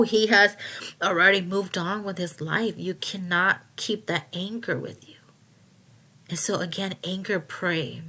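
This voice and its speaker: A woman recounts a personal testimony at an unhurried, deliberate pace. Her voice sits at an ordinary pitch. She often stops and restarts and goes soft and hushed when the story turns painful. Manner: halting, with many restarts and trailing fillers. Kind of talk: personal testimony, casual retelling.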